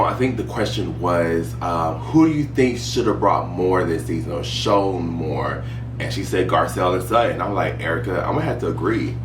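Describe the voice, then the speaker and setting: A man giving casual, sassy reality TV commentary as a show host, with emphatic repetition and lively swings. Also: low-pitched. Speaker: podcast host. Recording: roomy echo, distant mic, faint hum.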